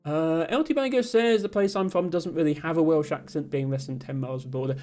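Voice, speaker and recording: A man chats casually on a live stream, reading out viewers' comments and mulling over each one. His voice sits slightly high, and his talk meanders with frequent ums and self-corrections. Soft music plays faintly beneath him. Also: fast. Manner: thoughtful, rambling, with many ums and restarts; reads out viewer comments and answers them.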